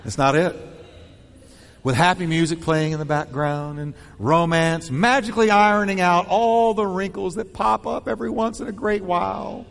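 A male pastor delivering a sermon in an animated, punchy style, hammering home short repeated phrases. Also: high-pitched, normal speed, gravelly, long reverb tail.

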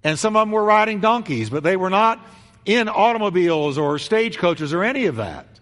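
Lively preacher man in a big reverberant hall. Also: high-pitched, fairly quick. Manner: animated storytelling, acts out voices, swings from loud to hushed. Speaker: pastor. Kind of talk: sermon.

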